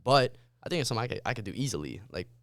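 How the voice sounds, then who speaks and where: A man talking as a podcast guest in a loose, profane, animated way. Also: mid-range voice, rapid-fire, dry recording, clean studio sound. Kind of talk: casual chat.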